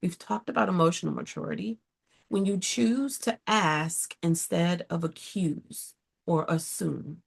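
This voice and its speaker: Gravelly-voiced woman therapist talking. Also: fairly low pitch, measured pace. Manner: earnest, direct, asks rhetorical "right?". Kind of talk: casual advice talk to viewers.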